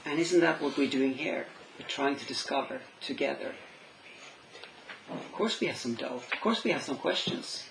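Gravelly non-native man preaching a sermon. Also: medium pitch, expressive, moderate pace, background noise. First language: not English. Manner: thoughtful, searching for words, asks questions aloud.

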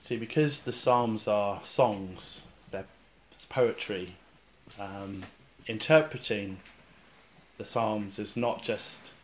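Male preacher, sermon-style guided meditation, calm and reflective, unhurried with pauses, hushed on recited verses. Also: fairly low pitch, a little hiss or hum. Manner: calm and reflective, with slow pauses, dropping soft on repeated verses.

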